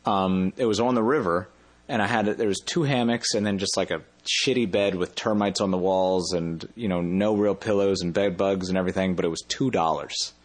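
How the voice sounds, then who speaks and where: Low-voiced man telling a rambling story. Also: fairly even intonation, moderate pace. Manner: rambling, self-correcting. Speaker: interview guest. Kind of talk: casual storytelling.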